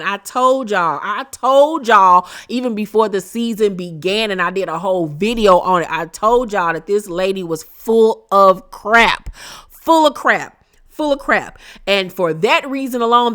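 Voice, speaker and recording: A woman hosting a casual reality TV recap, sassy and animated, talking straight to her viewers. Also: lowish voice.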